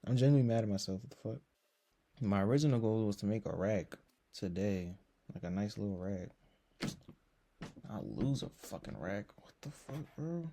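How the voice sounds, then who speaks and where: A tired young man running casual commentary on his own trading, slangy and full of fillers, dropping to low mutters and then breaking into loud swearing. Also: fairly even intonation, normal speed, pauses often. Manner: slangy, filler-heavy talk. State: tired from little sleep. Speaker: day trader streaming his session.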